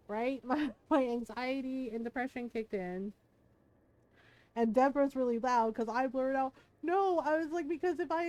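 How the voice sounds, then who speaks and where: A woman streamer chatting casually between game scenes, candid and emotional, laughing as she tells a personal story and acting out what people said. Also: high-pitched. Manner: animated when acting out quotes.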